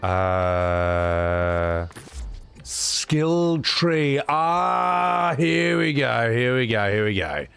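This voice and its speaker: Young guy streaming a game, swears a lot, super lively pitch, slow talker, game music low behind him. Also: gravelly, clean tone. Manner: excitable, swears, laughs often. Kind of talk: gaming let's-play commentary. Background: faint game music.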